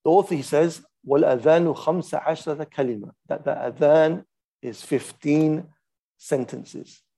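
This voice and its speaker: Man, religion teacher, patient methodical explanations, mellow tone, gravelly edges. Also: mid-range voice. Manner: patient, methodical, stops to demonstrate recitations. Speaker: Islamic studies teacher. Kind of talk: explaining a classical text.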